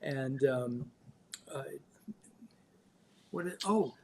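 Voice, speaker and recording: A man hosting a live cooking show, chatting loosely with many filler pauses. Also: medium pitch, crowd noise.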